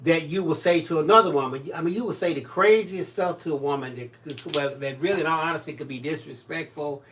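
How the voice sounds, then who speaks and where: This man's voice is on the high side and brisk, with a little hiss or hum in the audio. Co-hosting a home crafting livestream, he reads viewer comments aloud and teases in easygoing, joking, storytelling chat.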